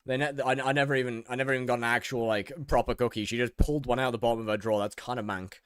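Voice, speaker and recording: A man's voice: mid-range voice, flat delivery, rapid-fire, a bit bright, clear, resonant tone, no echo, studio quality. A young man streaming a game, reading in-game text aloud, laughing often and reacting with mock outrage. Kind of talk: casual gaming commentary.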